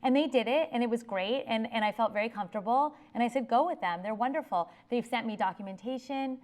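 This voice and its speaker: Fast-talking woman attorney. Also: on the high side. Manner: fast, animated, restarts sentences often. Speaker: attorney giving a talk. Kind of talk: informal lecture with audience questions. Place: public library meeting room.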